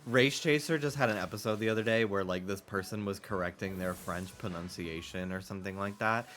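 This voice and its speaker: A man's voice: lowish voice, brisk, fairly bright tone, soft background music. A man streaming a game and chatting casually, rambling and profane, sarcastic, laughing often, from the United States.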